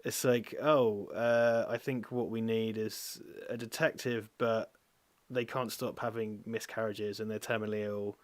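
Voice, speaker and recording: A man's voice: fairly low pitch, little pitch movement, unhurried, no room sound. A young British man co-hosting a casual chat, rambling, swearing and mocking himself. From Britain. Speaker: podcast co-host.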